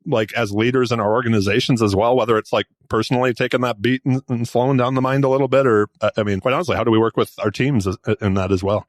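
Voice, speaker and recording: A man hosting a podcast, asking questions in a quick, casual way full of fillers. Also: medium pitch, steady tone, no echo, clean studio sound. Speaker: podcast host. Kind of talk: conversational interview.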